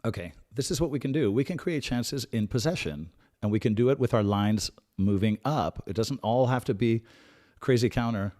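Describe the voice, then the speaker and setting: A man hosting a live football watch-along in a mid-range voice. He talks through the match in a chatty, analytical way, repeating and restarting phrases as he thinks aloud. At big moments he breaks into loud, excited shouting. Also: medium pitch, normal speed. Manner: calm tactical analysis with sudden excited outbursts. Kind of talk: live fan match commentary.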